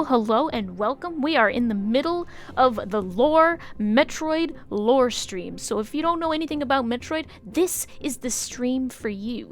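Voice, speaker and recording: A young woman streaming a video game, chatting casually with her viewers, swearing at the game and greeting people loudly. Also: a little high. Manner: chatty, swears, loud excited greetings to chat.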